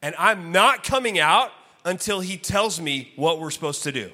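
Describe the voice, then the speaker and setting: A man preaching from the pulpit, his voice sitting a little high and sounding bright and forward. He moves between lively, acted-out storytelling and quieter, hushed reflection. A long reverb from the sanctuary trails behind every phrase. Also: moderate pace. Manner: animated, acts out his own story with loud exclaimed quotes; drops to soft, hushed delivery for reflective points. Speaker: guest preacher. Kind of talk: sermon with storytelling. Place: church sanctuary. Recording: long reverb of a large hall.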